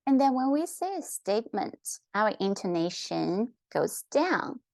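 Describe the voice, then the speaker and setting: Woman language teacher, unhurried and upbeat, dry close sound. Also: medium pitch, very animated, creaky, darkish tone, dry recording. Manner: upbeat, coaxing, asks the viewer questions. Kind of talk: online language lesson.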